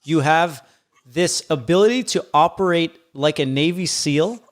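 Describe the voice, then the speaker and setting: A man's voice: a little high, a little slow. A man hosting a podcast, asking his guest questions in an eager, admiring, casual way. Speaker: podcast host. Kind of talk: casual interview chat.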